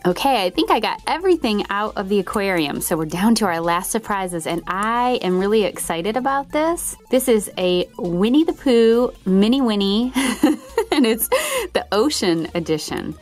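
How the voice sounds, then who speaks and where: A woman's voice: mid-range voice, lively intonation, moderate pace, soft background music. A woman hosting a toy unboxing video, bubbly and giggly, gushing over each toy she opens. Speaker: toy channel host.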